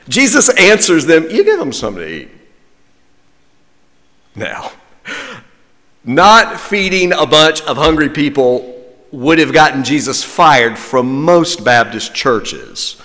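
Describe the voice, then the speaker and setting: A man, a pastor preaching a sermon with lively, wry humor. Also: mid-range voice, takes it slowly, long pauses. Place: church sanctuary. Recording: long reverb of a church sanctuary.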